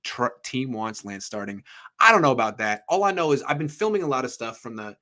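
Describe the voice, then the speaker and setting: Lively, bright-voiced man hosting a sports chat. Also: mid-range voice, brisk. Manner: animated, jokey, trails off and restarts. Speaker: sports podcast host.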